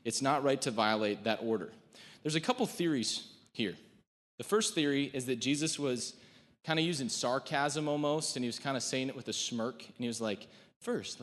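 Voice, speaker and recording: A man's voice: mid-range voice, fairly bright tone. Conversational man preaching in a reverberant hall. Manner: conversational, joking asides, acts out quotes. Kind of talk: sermon.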